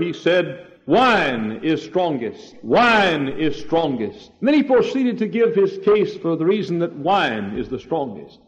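An older man preaches with a lively, swinging delivery and a fairly high voice, his refrains ringing out with force. The old church recording is muffled and lo-fi, with long reverb trailing behind every phrase. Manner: emphatic preaching, shouting refrains. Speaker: pastor. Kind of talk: sermon.

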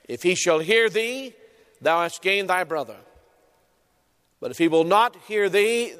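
Male pastor, higher voice, measured sermon delivery, church hall reverb. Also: a bit bright. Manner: deliberate preaching cadence, quotes scripture.

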